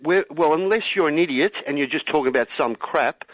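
A man's voice: on the high side, a little fast, dry recording. A man with an Australian accent, calling in to a talk radio show and ranting in a heated, rambling way, saying "mate" again and again. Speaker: caller. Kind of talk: call-in radio rant. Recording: dull, dry radio call audio.

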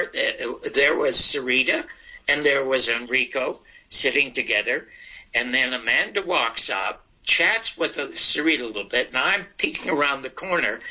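Older man, husky voice, telling stories. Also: medium pitch, lo-fi sound. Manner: animated, acts out dialogue in his story. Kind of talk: anecdotal storytelling.

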